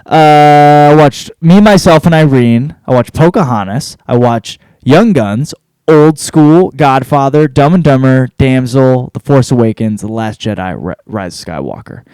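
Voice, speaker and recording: Lively, profane man hosting a podcast. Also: medium pitch, measured pace, smooth, no echo, studio quality. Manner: rambling, profane, opinionated. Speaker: podcast host. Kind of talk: casual solo podcast rundown.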